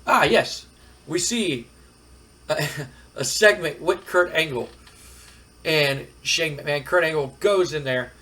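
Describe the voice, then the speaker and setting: A man hosting a gaming video, retelling the story of his game with animated reactions. His voice sits a little high and has a husky texture. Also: takes it slowly, long pauses. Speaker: gaming channel host.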